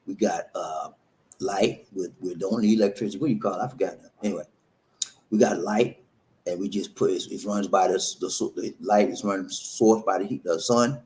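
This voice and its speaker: A man hosting a casual livestream from his home, reading out viewer comments with loud call-outs and preachy advice. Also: sits low, poor audio. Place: home in the Philippines, green screen.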